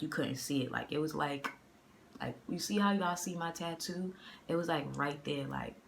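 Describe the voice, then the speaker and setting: A woman tells a story straight to her phone camera, loose and chatty, with fillers and slang throughout. Her voice has a gravelly, creaky edge, and a faint hiss sits under it. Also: very deep voice. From Boston area. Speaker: vlogger. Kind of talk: casual storytime vlog.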